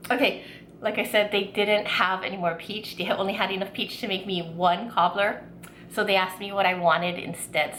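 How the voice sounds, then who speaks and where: A woman food vlogger chatting excitedly while tasting desserts, gushing with lots of fillers. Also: medium pitch, reverberant, a little hiss or hum. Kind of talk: casual food tasting vlog.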